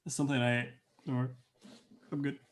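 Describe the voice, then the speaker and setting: A man's voice: mid-range voice, level tone, fast. Wry man playing a tabletop game. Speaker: player. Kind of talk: casual tabletop game banter.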